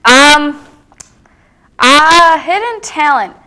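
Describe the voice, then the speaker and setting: A woman's voice: high voice, lively intonation, drawn-out words, bright, forceful tone. A young woman answering questions as a bachelorette contestant on a comedic dating game show, hesitant and easygoing, with frequent "um"s. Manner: hesitant, filler-heavy, easygoing.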